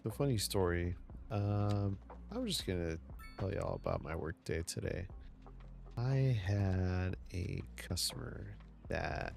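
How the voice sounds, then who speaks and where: With a low, creaky and slightly mellow voice, a streamer plays a city-building game and chats casually, his rambling story full of restarts over faint game music.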